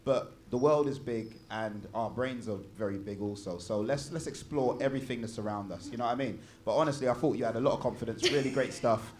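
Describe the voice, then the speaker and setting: A man's voice: mid-range voice, brisk, few pauses, a little mellow, slight background noise. A man giving a comedian casual, rambling feedback and encouragement.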